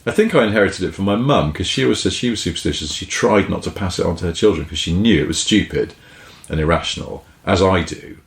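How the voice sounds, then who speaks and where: A man's voice: low-pitched, fast, gravelly, echoey room. A man co-hosting a podcast in casual chat, swearing freely and laughing often, recorded in a caravan. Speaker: podcast co-host. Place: caravan in a field.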